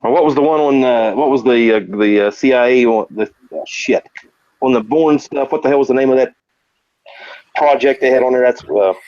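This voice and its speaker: A man's voice: medium pitch, fairly quick, darkish tone. A man chatting casually as a guest, talkative and full of fillers. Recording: dull lo-fi audio.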